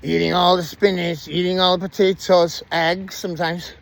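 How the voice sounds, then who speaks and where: A man telling his own story in a casual, animated way, swearing freely and using slang. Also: high voice, moderate pace, vocal fry.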